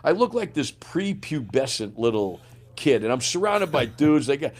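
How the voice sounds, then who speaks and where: A man in his sixties, an army veteran and podcast guest, telling stories in an animated way, swearing often and calling the listener man and bro. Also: medium pitch, moderate pace. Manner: animated, profane, says man and bro a lot. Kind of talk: storytelling in a podcast interview.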